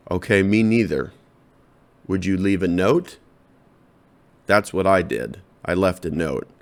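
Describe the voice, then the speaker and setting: Hosting his own comedy podcast, a deep-voiced man wanders through a deadpan monologue aimed straight at his listeners.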